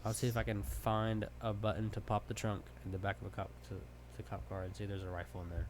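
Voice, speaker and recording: A man's voice: fairly low pitch, completely flat delivery, slight background noise. A man playing a hypothetical scenario, answering tersely and laying out his moves step by step. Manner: terse, deliberate, plans step by step. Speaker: player. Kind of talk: casual game chat.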